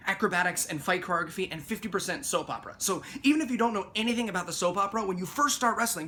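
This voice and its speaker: A young man delivering a comedic rant to the camera, animated and quick, breaking into loud mock shouting. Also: sits high, a little hiss or hum.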